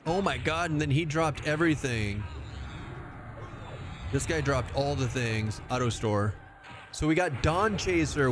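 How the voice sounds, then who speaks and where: Male streamer, mid-pitched, loose rambling live-stream chat with viewers, lots of casual swearing. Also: measured pace, music in the background. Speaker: game streamer.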